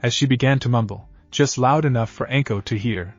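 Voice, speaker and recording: A man reading scripted fan fiction narration in a steady, even way. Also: mid-range voice, brisk. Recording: dull lo-fi audio with faint music.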